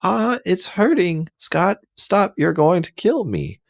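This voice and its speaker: A man doing a shrill pleading young woman. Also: sing-song, slow, vocal fry, no echo, studio quality, exaggerated voice. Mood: desperate.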